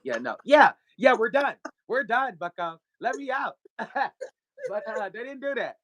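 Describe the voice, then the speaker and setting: A woman with a fairly low voice tells her own story as an interview guest. She is blunt and swears freely, laughs often, and slips into spiritual preaching. The sound is dry and close. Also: lively intonation, measured pace, no room sound. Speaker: guest author. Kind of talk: candid personal storytelling.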